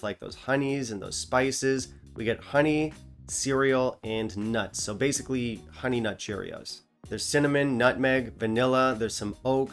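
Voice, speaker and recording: A man's voice: mid-range voice, fairly bright tone. A man talking through a whisky tasting review in a chatty, opinionated way, with joking asides. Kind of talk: casual review vlog.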